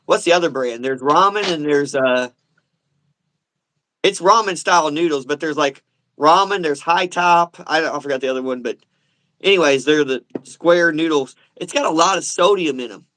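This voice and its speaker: A man's voice: fairly high pitch, normal speed, a bit bright, slight background noise, rough recording. A man hosting a casual talk podcast, rambling and repeating himself with lots of filler. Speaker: host. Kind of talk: casual chat.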